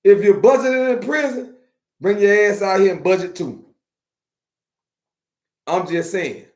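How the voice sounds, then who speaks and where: A man hosting a podcast, talking casually and streetwise to his viewers, slowing down to preach his points. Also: high-pitched. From Miami. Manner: streetwise, preachy, drawn-out slow emphasis. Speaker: podcast host. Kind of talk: casual live-stream talk to viewers. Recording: echoey room.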